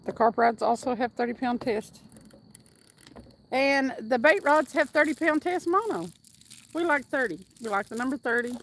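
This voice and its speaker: High-voiced chatty woman streaming from a fishing trip. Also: expressive, moderate pace, a little hiss or hum. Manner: upbeat and chatty, whoops now and then. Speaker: livestream host. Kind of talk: casual livestream chat, reading viewer comments aloud. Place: outdoors by the water while fishing.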